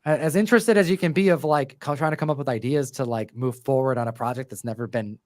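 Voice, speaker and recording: A man's voice: medium pitch, fast talker, no echo, clean studio sound. A man chatting casually about his comic book work, rambling with lots of fillers and restarts. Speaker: comic book co-writer and show host. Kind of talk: casual interview chat.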